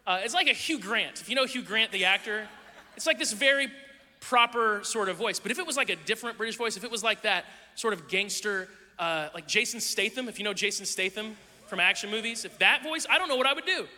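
Man, pastor, high bright voice, lively joking sermon delivery, big reverberant hall. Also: fairly quick. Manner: animated storytelling with jokes to a congregation. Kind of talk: humorous sermon. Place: large hall with a live audience. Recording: live hall with long reverb.

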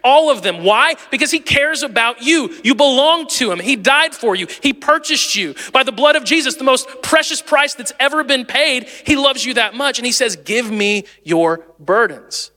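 A man in his late thirties, the lead pastor, preaching a sermon in a chatty, animated way and laughing easily. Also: very high-pitched, moderate pace, few pauses, big-room sound. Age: 30s.

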